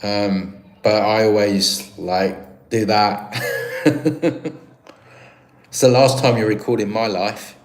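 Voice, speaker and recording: A man's voice: on the low side, fairly even intonation, slow, pauses often. An English man hosting a live stream, chatting casually and answering viewer comments in a rambling, easygoing way. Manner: rambling, chatty, with frequent restarts and laughs. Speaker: livestream host. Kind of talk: casual livestream chat reading viewer comments.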